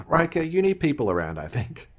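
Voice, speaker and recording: A man's voice: a little high, very animated, moderate pace, slightly rough. A man co-hosting a podcast who recaps and explains things in an easygoing, casual way. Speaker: podcast co-host. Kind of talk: casual chat.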